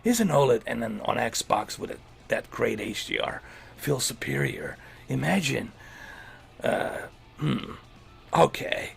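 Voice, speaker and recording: A gruff male soldier speaks low and hushed, with a gravelly edge, as a man puts him on. Terse and serious, like a stealth-game hero on a radio call. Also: lively intonation, unhurried.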